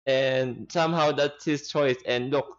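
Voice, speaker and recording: A man's voice: medium pitch, steady tone, unhurried, highs cut off. Laughing, rambling male stream host. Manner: laughs often, rambling with restarts. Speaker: interview host on a live stream. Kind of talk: casual live-stream chat.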